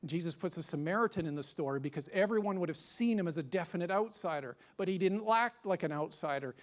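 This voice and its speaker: A man, preaching a sermon as pastor with animated, emphatic storytelling. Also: fast. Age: 50s. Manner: animated, emphatic storytelling with sudden rises in pitch and loudness.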